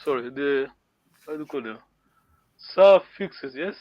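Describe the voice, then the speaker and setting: High pitched guy teaching a language class online, patient, keeps asking "yeah?", dull call audio. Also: animated, a little slow, no echo. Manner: patient, repeats words, asks "yeah?" to check understanding.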